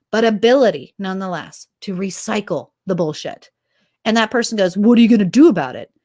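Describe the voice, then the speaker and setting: A woman, a mother, hosting an opinionated talk show, firing off rhetorical questions and acting out quoted exchanges. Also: mid-range voice. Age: adult mother. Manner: impassioned, fires off rhetorical questions; acts out quoted dialogue in other voices. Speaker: host.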